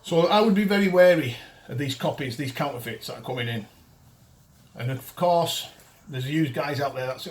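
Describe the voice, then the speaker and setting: Speaking at a moderate pace with a fairly high pitch, this detecting show host and dealer in his fifties chats casually to camera. He's blunt and ranting, frequently starting his thoughts over.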